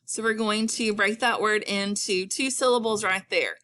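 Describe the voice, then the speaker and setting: A woman teacher giving a recorded phonics lesson to young children, speaking slowly and encouragingly with clearly enunciated words. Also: medium pitch, steady tone, bright, forceful tone. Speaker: elementary school teacher.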